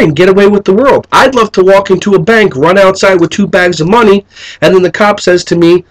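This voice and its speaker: A middle-aged man, a behavior management educator, talking to camera in a video blog and telling stories in an animated way, acting out the voices he quotes. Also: sits high, a little fast, poor audio. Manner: animated storyteller who acts out quoted voices.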